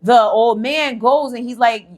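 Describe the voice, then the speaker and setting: A woman's voice: a little high, unhurried, darkish tone. A woman telling a spooky story in casual chat, sassy and profane, with lots of filler words. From Haitian heritage. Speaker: storyteller host.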